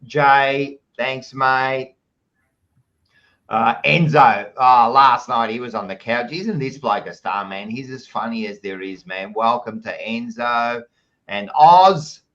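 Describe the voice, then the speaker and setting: A man's voice: medium pitch, slow pace, fairly bright tone, highs cut off. An Australian man hosting a podcast, chatting casually and reading out live chat messages with jokey, blokey banter, calling everyone mate. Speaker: podcast host.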